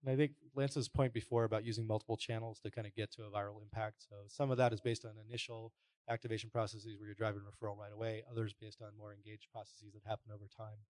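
Low, flat-voiced panel moderator man. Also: quick pace, no echo. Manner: relaxed, thinking aloud with fillers. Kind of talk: conference panel discussion.

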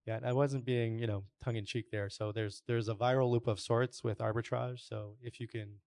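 A man's voice: mid-range voice, a little fast, creaky, no echo. A man moderating a conference panel, talking things through with frequent fillers. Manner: relaxed, thinking aloud with fillers.

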